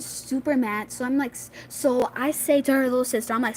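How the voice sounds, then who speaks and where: Young girl vlogger, high voice, rambling storytime with lots of fillers, slight background noise. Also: steady tone, moderate pace, hardly any pauses, rough recording. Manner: rambling, many "like"s, acts out quoted classmates. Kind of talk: casual storytime.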